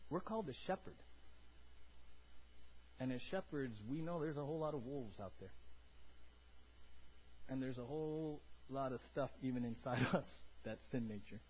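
A male pastor preaching a lively sermon, acting out scenes and often asking "right?". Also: mid-range voice, moderate pace, long pauses, highs cut off, slight background noise. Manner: animated, acts out film scenes, keeps asking "right?".

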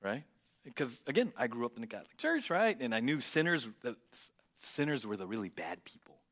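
A man in his forties preaching a conversational sermon as pastor, emphatic at times and often dropping to a low murmur. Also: big pitch swings, fairly quick, fairly bright tone.

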